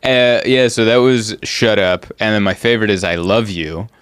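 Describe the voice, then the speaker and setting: A man's voice: fairly low pitch, normal speed, smooth, dry recording. A man in his thirties hosting a casual comedy podcast, telling stories and laughing often. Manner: laughs often, animated storytelling.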